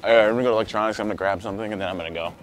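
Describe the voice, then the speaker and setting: A man's voice: lowish voice, rapid-fire, slight background noise. A young man hosting a prank video, talking casually and pleading in a playful, provocative way.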